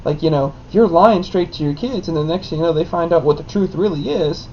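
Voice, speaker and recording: A young married man, the son of his co-host, telling a story in an animated way with lots of "like". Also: a little high, fairly quick. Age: young adult. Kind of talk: casual storytelling. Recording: dull lo-fi with faint noise.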